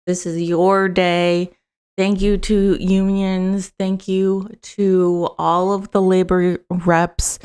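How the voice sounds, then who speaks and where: A woman's voice: lowish voice, little pitch movement, takes it slowly, a little mellow, smooth. A young woman hosting her own political live stream, chatting loosely with lots of fillers and casual swearing.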